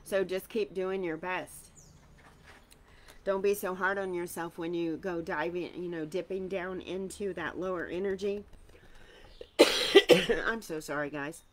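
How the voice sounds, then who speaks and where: A woman's voice: fairly low pitch, fairly even intonation, measured pace, long pauses, a little hiss or hum. A woman doing a chatty live-streamed tarot reading, greeting viewers by name, with a tickled throat that keeps making her cough. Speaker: tarot reader.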